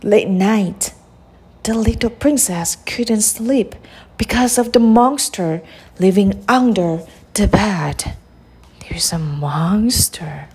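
A woman hosting a podcast, reading a children's picture book aloud in a slow, expressive way. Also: medium pitch, slightly rough. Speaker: podcast host and storybook reader.

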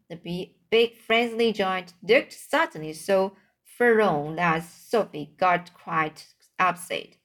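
A woman reads a children's storybook aloud at a slow, careful pace. She stumbles over unfamiliar words and stops for little asides. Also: lowish voice, lively intonation, a bit bright. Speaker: reader. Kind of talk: reading a children's book aloud.

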